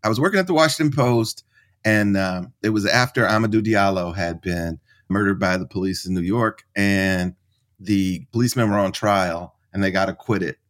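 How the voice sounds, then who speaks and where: A middle-aged man, a writer and professor, answering as a podcast guest in an animated storytelling way. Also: sits low, normal speed. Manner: animated storyteller, acts out quoted voices.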